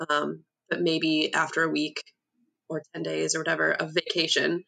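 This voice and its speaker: A woman co-host in casual podcast chat, reassuring and reflective. Her voice sits low with a gravelly fry and a sharp, bright edge. The sound comes over a remote call. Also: flat delivery. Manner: reassuring, reflective, quick to laugh.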